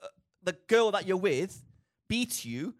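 A man co-hosting a casual podcast, talking in an animated, exasperated rant. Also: high voice, measured pace, no echo, studio quality. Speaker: podcast co-host.

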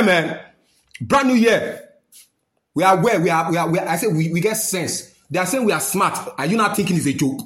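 A man's voice: sits high, expressive, fairly quick, a bit bright, echoey room. A man with a Nigerian accent giving a fiery, scolding rant to camera, slipping into Pidgin. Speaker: social commentator.

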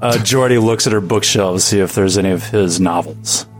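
A man's voice: low voice, normal speed, music in the background. A man playing a tabletop game, joking about his character. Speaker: player.

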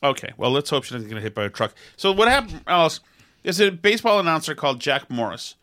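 A man's voice: on the high side, sing-song, fast talker, fairly bright tone. A man hosting a casual chat, sardonic and restarting his sentences often.

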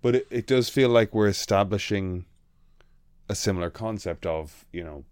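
A man's voice: on the low side, moderate pace, darkish tone, smooth, dry recording, studio quality. A man hosting a casual podcast chat, rambling and swearing freely. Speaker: podcast host.

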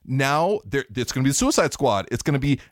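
Male podcast co-host, casual and jokey, lively pitch, dry close mic. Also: brisk, no echo. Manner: animated, jokey storytelling with swings into high mock voices. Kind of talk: casual chat.

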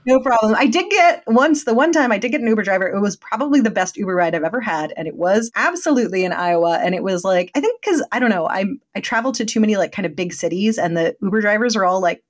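A woman co-hosting a podcast, chatting casually and telling a joking, animated story. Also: medium pitch, quick pace, hardly any pauses. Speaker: podcast co-host. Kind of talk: casual political chat.

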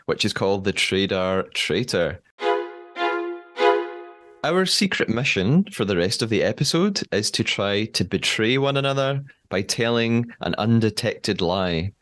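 A man's voice: on the low side, a bit bright. Upbeat podcast host, man. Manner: upbeat, laughs often. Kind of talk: casual interview chat.

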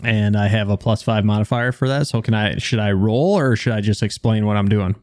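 A man's voice: on the low side, a little fast, a little mellow, dry recording, clean studio sound. Easygoing man playing a tabletop game. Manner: easygoing, agreeable banter. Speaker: player. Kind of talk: casual tabletop game chat.

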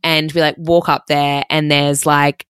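A young woman with a low voice tells a wild story in casual chat. She swears constantly, leans on "like" and acts out every quote. The recording is dry and close. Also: a little slow, clear, resonant tone, no echo. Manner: swears a lot, heavy "like" filler, animated quoting.

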